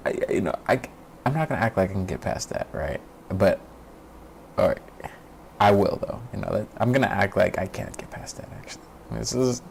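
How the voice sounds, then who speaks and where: Low and gravelly, this man swings his voice up and down as he riffs through a casual reaction stream. He talks bluntly, curses freely and mocks what he watches, with laughs mixed in. His tone stays rough and loose throughout. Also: slight background noise. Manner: profane, blunt and mocking; animated, laughs often. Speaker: streamer host.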